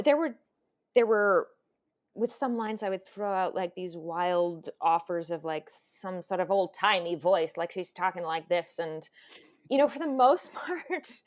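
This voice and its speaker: A woman speaking as a voice actor guest in an interview, reflective and given to laughing. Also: fairly low pitch. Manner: warm, reflective, laughs often. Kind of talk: conversational interview.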